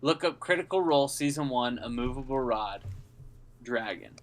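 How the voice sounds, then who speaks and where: A man's voice: medium pitch, lively intonation, moderate pace, a little hiss or hum, poor audio. A man narrating as the dungeon master of a casual tabletop game, loose and profane, often laughing.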